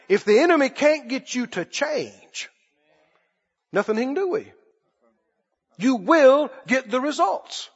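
High husky-voiced preacher in echoing hall. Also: male voice, sing-song, measured pace, pauses often. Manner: emphatic, repeats phrases, calls for congregation response. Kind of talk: sermon. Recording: dull lo-fi with long hall reverb.

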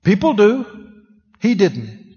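A husky, high-pitched preacher leads a sermon, putting questions to his listeners as he goes. His voice carries a long reverb through a church hall. The recording is dull and lo-fi. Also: wildly swooping pitch, takes it slowly, warm tone. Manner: conversational preaching, asks the congregation questions. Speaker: pastor. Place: church sanctuary.

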